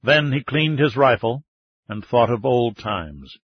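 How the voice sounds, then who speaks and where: A man narrating a novel in a steady, measured way. His mid-pitched voice has a husky grain. The recording is close and dry, with a slightly muffled, dull tone. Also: dry recording. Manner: steady, even storytelling. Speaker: audiobook narrator. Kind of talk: scripted narration.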